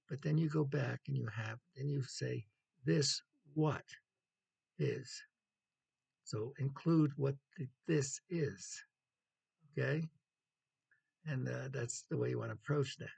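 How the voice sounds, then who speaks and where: A man delivers a writing lecture in a heavily gravelly voice with a husky edge. He talks in a measured way, with pauses, fillers and the odd cleared throat. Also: medium pitch, a little mellow. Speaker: writing instructor.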